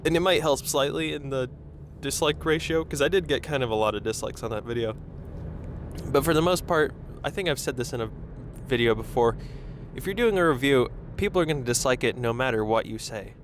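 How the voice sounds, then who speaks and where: A man's voice: medium pitch, fairly quick. Young man, rambling car podcast, lapel mic, faint road noise. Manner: rambling, self-conscious, chatty. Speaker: podcast host. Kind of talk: casual solo chat while driving. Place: in a car in traffic.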